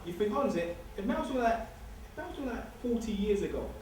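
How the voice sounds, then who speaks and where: A guest speaker lectures a student society in a loose, streetwise, joking manner, hammering points home through emphatic repetition. His voice is fairly high for a man, expressive, fast and a little mellow. Captured from across a big lecture hall, it sounds distant, with heavy echo and faint hiss.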